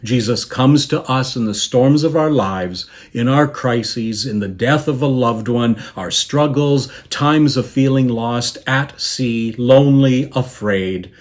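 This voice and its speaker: A man, a bishop, preaching a sermon in a measured, reflective way, pausing often and letting phrases trail off softly. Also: mid-range voice.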